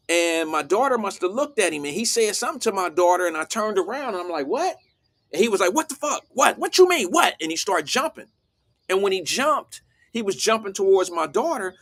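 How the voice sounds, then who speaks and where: A man hosting a casual talk show, telling a story in an animated way and acting out what people said. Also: high-pitched. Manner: animated storytelling, acts out quotes. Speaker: host.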